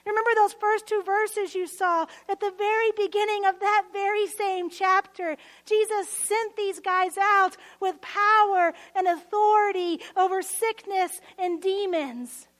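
A woman preaching a sermon, earnest, swelling to emotional emphasis and dropping to soft near-whispers. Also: extremely high pitch.

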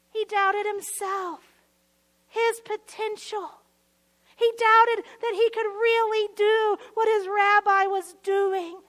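A woman preaching a sermon, earnest, swelling to emotional emphasis and dropping to soft near-whispers. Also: very high-pitched.

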